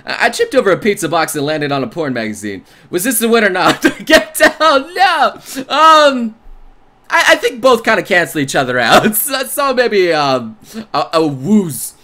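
A man streaming a visual novel, reading the narration aloud and reacting excitedly with crude jokes and laughter. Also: high-pitched, normal speed. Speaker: game streamer.

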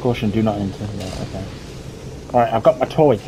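A man's voice: on the low side, brisk, noisy background. A young man commenting on a horror game as he plays, swearing a lot and yelping when something startles him. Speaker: gameplay streamer. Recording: game music loud behind voice.

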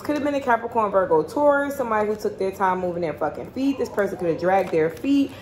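Blunt, chatty and full of swearing, this tarot reader keeps her casual reading loose. Her voice is fairly high, and there's slight background noise.

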